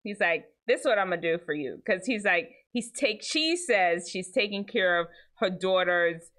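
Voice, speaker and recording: Animated woman commenting on viral clips. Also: lowish voice, moderate pace. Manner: chatty, animated, talks to viewers as y'all. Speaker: host of a reaction show.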